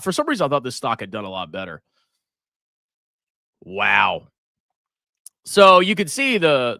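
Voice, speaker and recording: A man hosting a casual livestream about stocks, excitable, swearing freely and quick to laugh. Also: mid-range voice, dry recording, clean studio sound. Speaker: finance livestream host.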